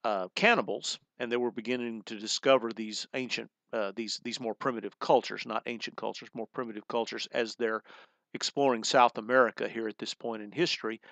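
Male instructor, middle-aged, mid-pitched, dry close recording, loose lecturing style with restarts. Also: fairly even intonation, a little fast, vocal fry, a bit bright, no room sound. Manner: conversational, explains terms, frequent restarts and "uh"s. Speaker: college humanities instructor.

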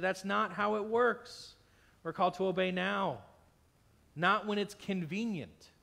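A man's voice: high-pitched, a little slow, gravelly, bright, forceful tone. A man preaching a sermon as pastor, emphatic, acting out imagined complaints in quoted voices, sounding a little unwell and tired. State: unwell, tired with stomach ache.

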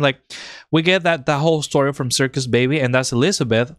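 Male streamer, excited and rambling, clear voice, dry close mic. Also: medium pitch, a little fast, dry recording. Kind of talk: live-stream commentary.

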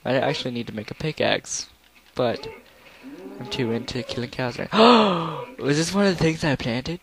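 A man's voice: mid-range voice, normal speed, a bit bright. A young man casually talking through his game, rambling and now and then breaking into bits of songs. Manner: rambling, breaks into song snippets. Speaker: let's player. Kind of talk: casual gameplay commentary.

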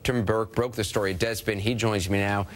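A man's voice: on the low side, fairly even intonation, a little fast. A man anchoring a TV news segment, asking direct, probing questions. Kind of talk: TV news interview.

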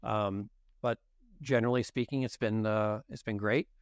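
A man's voice: fairly low pitch, steady tone, normal speed, dry recording. A man as a guest expert on a podcast interview, explaining in detail and acting out exchanges with patients. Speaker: guest expert on genetics and nutrition.

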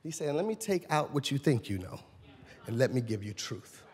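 A man pastor preaching a sermon, swinging between loud shouted lines and low quiet asides. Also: sing-song, normal speed, husky. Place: church sanctuary. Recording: long reverb in a large church hall.

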